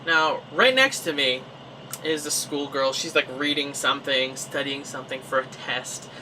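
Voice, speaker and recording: A young Canadian man telling a personal story in a casual, animated way, acting out his own reactions. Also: mid-range voice, moderate pace, far from the mic, slight background noise, rough recording. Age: young adult. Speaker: vlogger.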